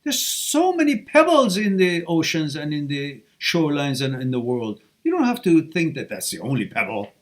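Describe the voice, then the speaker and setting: Reading out viewers' questions on his live stream, this relationship-advice host answers them with animated, blunt tough love. His voice is a little high, and he talks at normal speed with few pauses.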